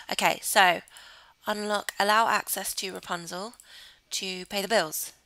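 A woman chatting excitably through Let's Play commentary, giggling often. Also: mid-range voice, unhurried, no echo, poor audio. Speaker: gamer host.

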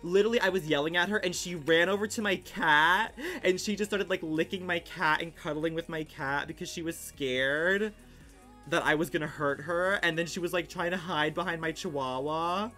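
Soft music runs in the background while a young man, his pitch a little high, shares a story on his livestream at home. His delivery is rapid and animated, loaded with fillers and profanity.

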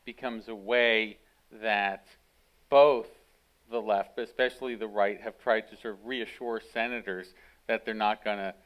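Man, lowish voice, moderator, relaxed, wry asides, calls on audience. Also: measured pace, poor audio. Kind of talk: onstage conversation, taking audience questions.

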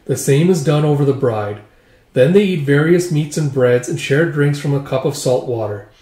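A man's voice: fairly high pitch, expressive, moderate pace, dark tone. A man casually recapping a comic book in a loose, rambling way. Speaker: manga reviewer. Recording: roomy echo.

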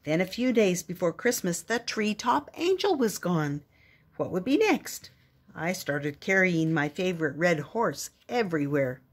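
Husky grandmother reading a storybook. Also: lowish voice, a little slow. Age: older. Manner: expressive storybook narration. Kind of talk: reading a picture book aloud.

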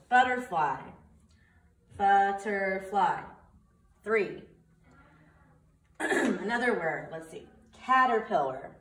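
Woman teacher talking slowly to preschoolers. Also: on the low side, echoey room, recorded from a distance. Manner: slow, clear, sing-song teacher talk to small children. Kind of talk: remote circle time lesson and read-aloud.

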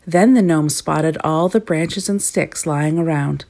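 A woman reading a children's story aloud in an expressive storybook cadence. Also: deep voice, unhurried, few pauses.

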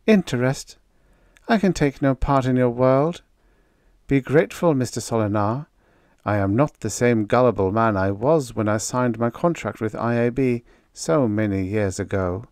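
An audiobook narrator voicing Ermin, a calm, courteous male agent who speaks in a gentle, precise and formal way. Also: mid-range voice, normal speed, no room sound, studio quality, voice pushed up, close to an everyday voice. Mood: even, probing.

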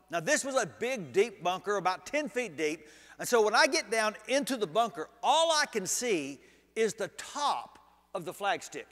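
A male preacher telling a story in a sermon, animated and humorous. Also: sits high, big-room sound. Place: church sanctuary.

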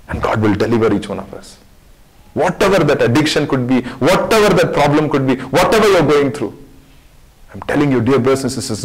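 A man teaching a Bible study as a sermon, fervent and repetitive, swinging between loud urging and hushed tones. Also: mid-range voice, poor audio.

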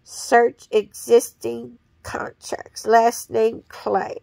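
A woman rambles through a blunt, profane monologue, swearing freely. Her voice sits a little high and she talks at a slow, drawn-out pace. The sound is dry and close, with no room around it. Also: a little mellow, no echo.

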